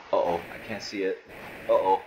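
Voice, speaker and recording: A man's voice: lowish voice, background noise. A man giving gameplay commentary, frustrated and swearing, often muttering to himself. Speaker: gamer.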